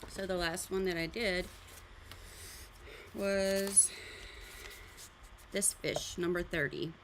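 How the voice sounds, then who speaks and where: A woman's voice: on the low side, fairly even intonation, slow pace, background noise. A woman hosting a casual live art stream, chatting loosely and explaining her drawing pencils as she goes. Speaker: art livestream host. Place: art studio.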